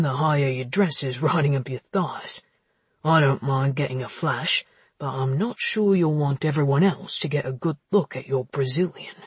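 A woman voicing a cocky, teasing man in an audiobook, speaking with a smug, husky drawl. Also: dry recording, heavily acted. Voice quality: husky, low and hushed.

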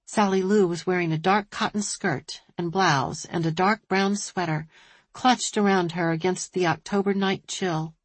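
A woman narrating an audiobook in a measured storytelling manner, recorded close on a studio mic. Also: on the low side, steady tone, no echo. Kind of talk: scripted narration.

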